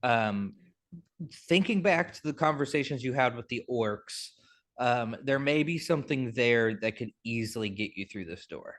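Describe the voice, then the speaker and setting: A young man running a tabletop game at a mid-range pitch. He explains rulings in a halting way, with plenty of ums and restarts. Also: animated, a bit bright. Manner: halting, filler-heavy explaining. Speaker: game master.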